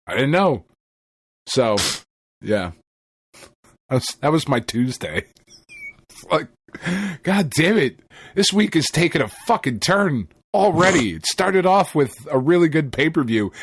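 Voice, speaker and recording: A man's voice: mid-range voice, slightly rough, no room sound. A man, co-hosting a podcast, telling a story in casual chat with lots of swearing and laughter. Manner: profane, animated storytelling with laughter. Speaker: podcast co-host.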